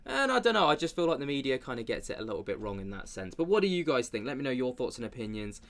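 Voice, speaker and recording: A man's voice: mid-range voice, big pitch swings, fast talker, gravelly, fairly bright tone. A man hosting a commentary vlog, talking in a chatty, rambling way with many fillers. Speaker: commentary channel host.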